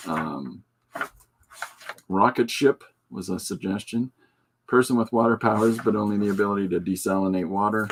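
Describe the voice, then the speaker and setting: A man's voice: fairly low pitch, gravelly, a little hiss or hum. A man, a comic artist hosting his own show, chatting casually and rambling with jokes and asides as he shows his pages. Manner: rambling, joking, with many fillers and asides. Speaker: comic artist and podcast host. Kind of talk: casual rambling chat while showing artwork.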